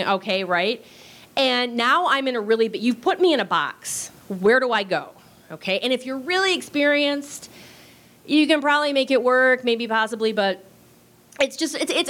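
A woman teaching improv in a chatty, casual way, swearing freely and acting out quick bits of dialogue. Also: on the high side, fairly bright tone. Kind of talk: casual spoken lesson.

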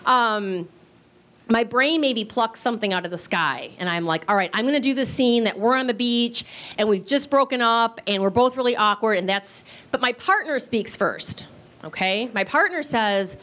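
A woman teaching improv in a chatty, casual way, swearing freely and acting out quick bits of dialogue. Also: fairly high pitch, expressive, a bit bright. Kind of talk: casual spoken lesson.

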